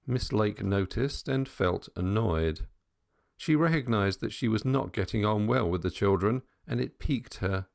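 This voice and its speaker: A man reading an audiobook in a measured storytelling manner. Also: fairly low pitch, lively intonation, creaky, darkish tone. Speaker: audiobook narrator. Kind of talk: scripted narration.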